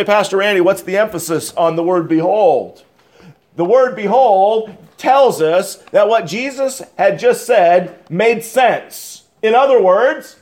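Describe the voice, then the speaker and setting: A male pastor preaching a sermon, deliberate and emphatic, repeating key phrases. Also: high-pitched, darkish tone.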